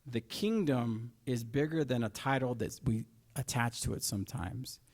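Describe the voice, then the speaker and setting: A middle-aged man delivers a sermon at a moderate pitch. He drops into soft asides and then pushes key words with force. He asks the listeners rhetorical questions throughout. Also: moderate pace. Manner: emphatic, rhetorical questions, swings between soft asides and loud stresses. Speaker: preacher.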